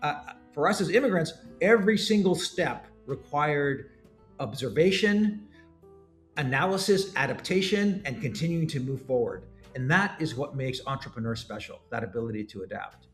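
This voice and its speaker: A middle-aged man from Canada telling his story as a startup founder in an interview, animated and often restarting his words. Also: fairly high pitch, moderate pace, soft background music.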